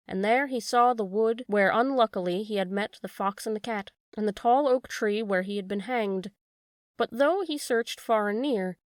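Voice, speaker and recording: A woman reading a children's story aloud as an audiobook narrator in steady scripted narration. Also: mid-range voice, dry recording, clean studio sound.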